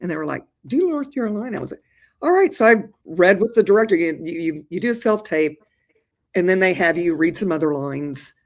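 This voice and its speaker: Older lady guest, chatty and animated, kinda low voice, says y'all a lot. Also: a little fast. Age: 60s. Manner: animated, colloquial, addresses listeners as y'all. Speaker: guest, actor and therapist. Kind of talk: lively interview conversation.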